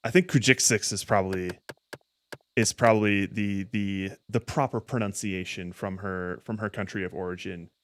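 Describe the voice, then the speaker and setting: Man, game streamer, rambling, self-correcting, lowish voice, dry sound. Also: fairly even intonation, moderate pace, a bit bright, dry recording. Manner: rambling, self-correcting, stumbles over words. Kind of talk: casual gameplay commentary.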